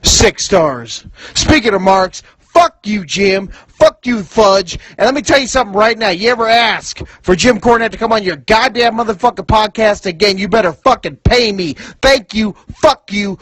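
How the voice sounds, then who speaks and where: Brief: man impersonating a furious, profane wrestling promoter, high voice, dry close sound. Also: lively intonation, fairly bright tone, no room sound. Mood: furious rant. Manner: profane, rapid-fire ranting. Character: foul-mouthed irate male wrestling promoter, ranting. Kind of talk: recorded comedy bumper rant.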